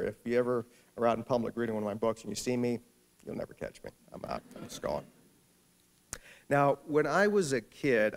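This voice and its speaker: Man telling a lively story on stage. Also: on the low side, gravelly. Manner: animated anecdote-telling, acting out the people he quotes. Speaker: featured author speaking at a library event. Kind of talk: storytelling talk to an audience. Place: event hall before a live audience.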